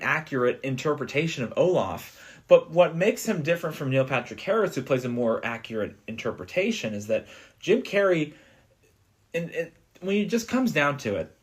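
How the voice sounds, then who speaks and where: A man co-hosting a casual movie podcast, earnest and enthusiastic, often restarting his sentences. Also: a little high. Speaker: podcast co-host.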